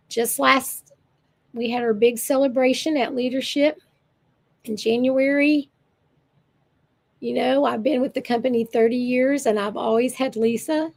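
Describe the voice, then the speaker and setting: Gravelly older woman. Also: a little high. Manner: chatty, rambling, self-correcting. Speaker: makeup consultant. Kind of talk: casual makeup tutorial.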